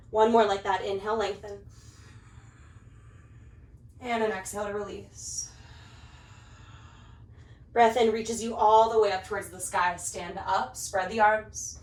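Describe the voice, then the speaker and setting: Woman, yoga instructor, calm breath cues, slightly winded, roomy studio, mic set back. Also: mid-range voice. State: a little out of breath while practicing along. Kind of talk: guided yoga class instruction. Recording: roomy, picked up from a distance.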